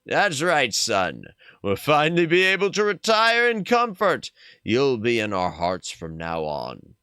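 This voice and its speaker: A man voicing a folksy, elderly cobbler in a slow, low drawl. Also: huge pitch swings, pushed and bright, clear, resonant tone, no echo, studio quality, full character voice. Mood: warm. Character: folksy old male cobbler, retiring.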